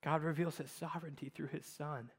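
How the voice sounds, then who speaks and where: A man preaching a sermon as pastor, telling stories with dramatic swings in loudness. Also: on the high side, fairly quick, slightly rough. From United States. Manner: animated storytelling, dramatic shifts in loudness. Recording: long hall reverb.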